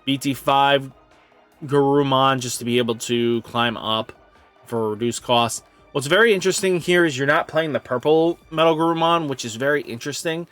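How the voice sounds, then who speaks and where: A man's voice: medium pitch, moderate pace, a bit bright. Guy rambling about deck lists, lots of "you know", chill mid voice, bit of music behind. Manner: enthusiastic, rambling with fillers like "you know" and "kinda". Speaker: card game YouTuber. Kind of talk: casual deck-list commentary.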